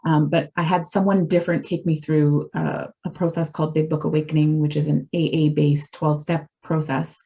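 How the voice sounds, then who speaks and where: Her voice sits low with little pitch movement, vocal fry and a warm tone, moving at normal speed with few pauses. She's a middle-aged woman speaking for a recovery community, rambling earnestly through a candid, confessional account of her life.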